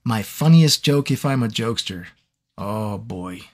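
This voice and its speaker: A man's voice: lowish voice, a little slow. A man who narrates audiobooks, chatting playfully with fans in a live Q&A stream and telling stories. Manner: animated, playful storyteller. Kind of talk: live fan Q&A chat.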